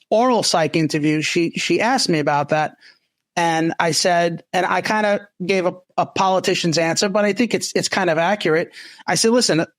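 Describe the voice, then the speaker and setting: A man's voice: high voice, dry recording. A man who used to be a police officer, co-hosting a casual talk show and talking in restarts and asides. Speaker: podcast co-host, former police officer. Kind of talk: casual discussion.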